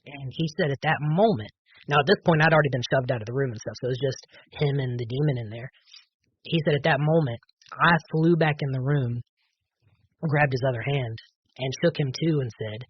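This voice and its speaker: A man's voice: mid-range voice, a little fast, lo-fi sound, a little hiss or hum. A man on a podcast telling a personal testimony, earnest and full of fillers and restarts. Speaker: podcast guest.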